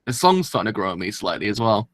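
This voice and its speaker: A man's voice: on the low side, big pitch swings, quick pace, a bit bright, no echo, studio quality. A man hosting a live anime reaction, talking in a rambling, chatty and self-deprecating way and laughing often.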